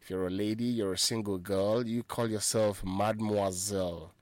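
A man's voice: fairly low pitch, steady tone, normal speed, a little mellow, dry recording. A man hosting a radio French lesson, repeating phrases and spelling words out letter by letter for listeners. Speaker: radio French teacher and show host.

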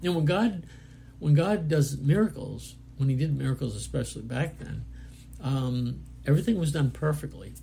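A man preaching a Bible lesson, reading scripture aloud and explaining it in a casual, halting way with fillers. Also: on the high side, creaky, mellow, a little hiss or hum. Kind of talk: Bible study sermon, reading scripture and commenting.

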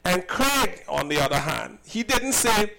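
A man's voice: sits high, very animated, measured pace, creaky, over a noisy crowd, poor audio. A man from Saint Kitts, a cook and business owner, recounting a personal incident in an emphatic, indignant way and often repeating himself.

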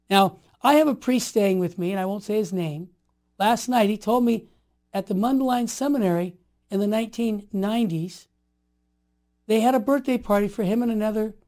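Emphatic man in his sixties. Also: high-pitched. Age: 60s. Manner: emphatic, animated, building to forceful outbursts. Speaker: interview guest. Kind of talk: storytelling conversation.

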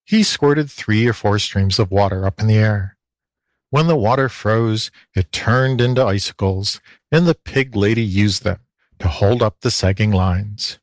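A man's voice: fairly low pitch, measured pace, no echo. A man narrating a children's storybook for a volunteer audiobook.

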